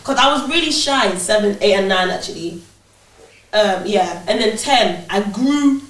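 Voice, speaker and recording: A woman's voice: mid-range voice, lively intonation, normal speed, a bit bright, far from the mic. A young woman chatting casually on a podcast, playful and joking. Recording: roomy, off-mic with faint noise.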